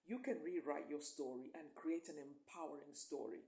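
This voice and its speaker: A woman's voice: sits low, moderate pace, creaky, mellow, roomy sound. A woman life coach giving an emphatic, coaxing motivational talk to camera, often checking in with the listener.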